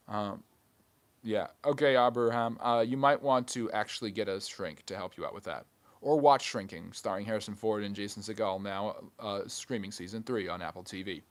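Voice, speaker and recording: Wry fast-talking man hosting a history stream. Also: lowish voice. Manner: quick, wry, fields chat questions with dry jokes. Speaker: history live stream host. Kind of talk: casual live stream Q&A reading chat.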